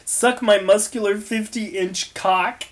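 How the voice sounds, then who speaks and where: A woman's voice: medium pitch, fairly even intonation, slow pace, natural voice. A woman voicing a boastful, crude young man, drawing out his words. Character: bragging crude young male fighter.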